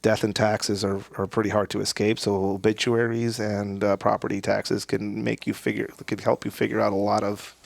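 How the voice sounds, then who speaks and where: A man with a gravelly, fairly low voice talks in a flat, even line as a podcast guest. He pauses on fillers as he goes, close and dry on the mic. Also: no room sound. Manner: measured, hesitant with many fillers. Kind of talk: casual conversation.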